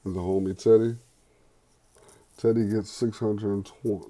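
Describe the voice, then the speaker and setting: Low, mellow-voiced man reading aloud. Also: flat delivery, normal speed. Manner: casual, slangy asides between read passages. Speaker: book reader and commentator. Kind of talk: reading a book aloud with casual commentary.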